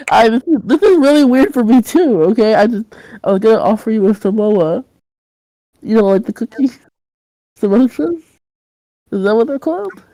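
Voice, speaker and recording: A woman's voice: low voice, warm tone, clear, resonant tone, no echo, rough recording. A woman voicing a nervous, bumbling young man who stammers and apologizes constantly.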